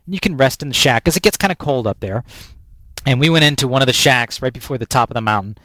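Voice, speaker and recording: A man's voice: mid-range voice, fast talker, sharp tone, dry recording. An American man holds forth as a guest speaker, spinning a story with lots of energy. He restarts sentences and repeats words as he goes. His voice sits close and dry, with no room sound. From United States. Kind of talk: storytelling interview talk.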